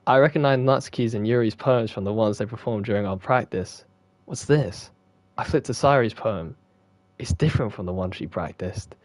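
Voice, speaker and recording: A man's voice: on the low side, normal speed, no room sound. A young man reads a visual novel aloud and swears freely between lines. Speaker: gaming streamer.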